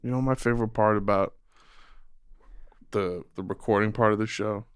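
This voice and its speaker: A man from Missouri, a comedy podcast co-host, joking deadpan in casual chat and often trailing off quietly. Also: fairly low pitch, normal speed, clear, resonant tone, no echo. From Missouri, USA. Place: room, private recording.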